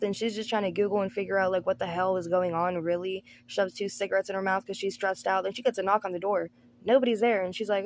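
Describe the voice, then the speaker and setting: A woman's voice: medium pitch, fairly even intonation, fast talker, slight background noise. A woman hosting a movie review channel, giving a casual, sarcastic recap of a film. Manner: sarcastic, breezy, acts out characters' lines.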